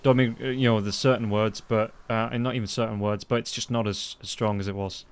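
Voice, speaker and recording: Fast-talking man casting esports. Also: on the low side, clear, resonant tone. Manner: quick, rising to excited calls in fights. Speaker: esports caster. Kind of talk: play-by-play esports commentary.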